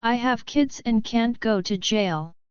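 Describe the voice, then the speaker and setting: A woman voicing an anxious young mother who speaks apologetically, a little higher and louder than the narration. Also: slow, clear, resonant tone, dry recording. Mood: apologetic. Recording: dull lo-fi audio.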